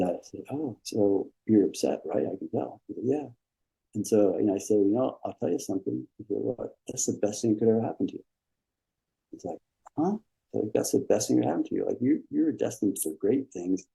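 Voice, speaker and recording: A man who is a dentist and business coach appears as a podcast guest in a casual interview conversation, speaking in a rambling, repetitive, encouraging way. His voice is deep, dark-toned, and creaky, his tone steady and his pace brisk. The recording quality is low.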